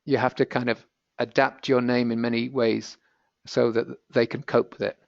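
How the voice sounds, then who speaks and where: A man's voice: medium pitch, level tone, moderate pace, vocal fry, dry recording. A man teaching a Spanish lesson in a webinar, explaining in a practical, conversational way with asides. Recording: dull, lo-fi webinar audio.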